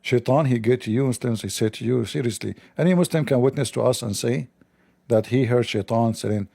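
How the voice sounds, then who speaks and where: A man's voice: medium pitch, a little fast, creaky, dark tone. A man hosting a livestream, talking in a sarcastic, mocking way in non-native English. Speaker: livestream host. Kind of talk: livestreamed commentary.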